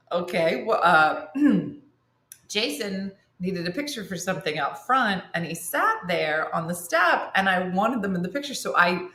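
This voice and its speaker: Woman comic host, lively storyteller, roomy echo. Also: fairly low pitch. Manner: animated storyteller acting out friends' voices. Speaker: comedian host. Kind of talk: storytelling stand-up, morning show.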